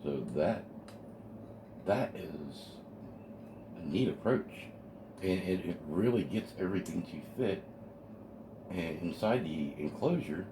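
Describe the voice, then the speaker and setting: A man's voice: low voice, lively intonation, takes it slowly, pauses often. A man eagerly talking through the assembly of a radio kit at his workbench, explaining each step as he goes. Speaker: amateur radio hobbyist building a kit. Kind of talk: hands-on kit assembly walkthrough. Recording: noisy home video recording.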